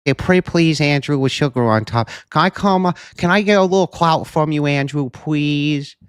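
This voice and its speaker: A man mimicking a whiny grown man who begs for attention in a squeaky, pleading voice. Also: normal speed, smooth, no room sound, studio quality, natural voice. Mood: whiny begging.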